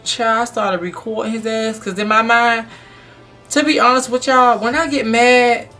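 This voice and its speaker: A young adult woman telling a story on her vlog in a blunt, animated, emphatic way. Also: fairly high pitch, normal speed, faint music behind. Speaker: vlogger.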